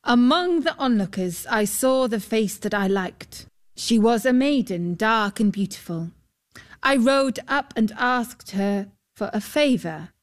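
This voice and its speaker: A woman's voice: a little high, lively intonation, unhurried. A woman voicing an earnest young male knight in a storybook reading, with formal old-fashioned speech. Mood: recounting.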